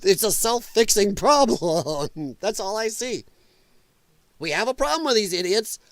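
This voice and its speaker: A man's voice: high voice, animated, a little slow, no echo. A man hosting a casual commentary show, with heavy audible breathing and mocking, laughing asides. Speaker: host.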